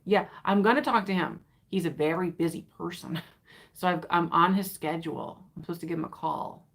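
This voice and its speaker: A woman's voice: on the low side, normal speed. Giddy, rambling woman on a live stream. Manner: giddy and rambling, laughs often. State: tired. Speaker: vintage reseller hosting an unboxing. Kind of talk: casual live-stream chat.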